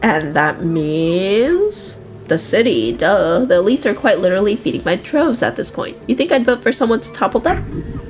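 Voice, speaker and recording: A woman's voice: mid-range voice, sing-song, moderate pace, darkish tone, natural voice. A woman voicing a tiny, smug red male devil in a video game, chatty and self-serving, who complains at length.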